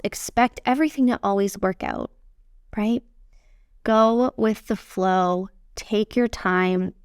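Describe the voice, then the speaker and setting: A woman's voice: mid-range voice, smooth, no echo, studio quality. Candid, swearing woman coach. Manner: lively delivery that swings from fast bursts to slow, stretched phrases. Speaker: podcast host and business coach. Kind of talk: casual solo podcast talk.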